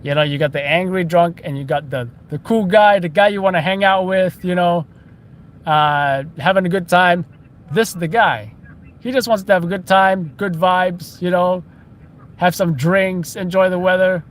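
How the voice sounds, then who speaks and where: A man's voice: high voice, moderate pace. A man giving chatty, wry running commentary while filming live on a city street at night. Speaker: street news videographer.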